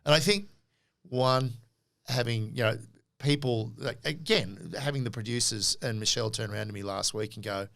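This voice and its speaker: A middle-aged Australian man, a podcast guest, telling animated stories in a casual interview and acting out quoted dialogue. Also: medium pitch, normal speed, gravelly.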